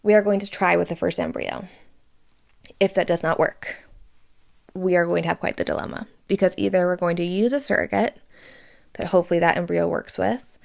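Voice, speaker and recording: A woman's voice: on the low side, steady tone, a little fast, vocal fry, pauses often. A young woman hosting her own podcast, talking casually and candidly, close to tears and swearing freely as she shares news. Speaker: podcast host. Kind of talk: casual solo podcast update.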